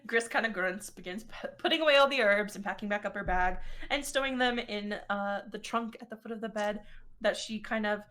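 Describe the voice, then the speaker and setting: A woman playing a tabletop game, describing her character's actions in a relaxed way. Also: medium pitch, brisk. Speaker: player. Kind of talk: third-person tabletop role-play.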